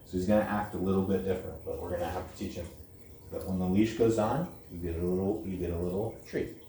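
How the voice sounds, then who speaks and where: A dog trainer with a low, warm, steady voice talks quickly and plainly about puppy training, often tacking on "okay?" in this casual instructional talk. The camera catches him from a distance, giving a roomy sound with a faint hiss behind him.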